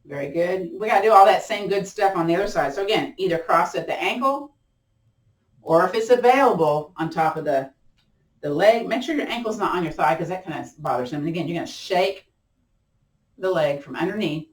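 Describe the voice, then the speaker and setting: A woman instructor leading a gentle chair yoga class, chatty and playful, often laughing and encouraging. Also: on the low side, animated, fairly quick, far from the mic. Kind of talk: guided exercise class. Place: room at home. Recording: roomy sound from off-mic.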